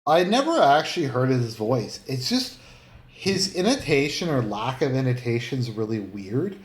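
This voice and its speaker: A man's voice: medium pitch, sing-song, normal speed. A man giving casual commentary online, rambling and blunt, with many fillers and some swearing. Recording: roomy, echoey room.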